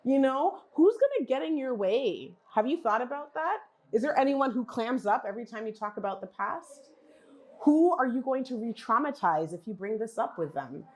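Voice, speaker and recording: A woman giving a conversational talk at a wellness summit, animated, posing questions to the audience and acting out what other people say. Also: fairly high pitch, moderate pace. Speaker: genealogy practitioner and speaker. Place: summit event.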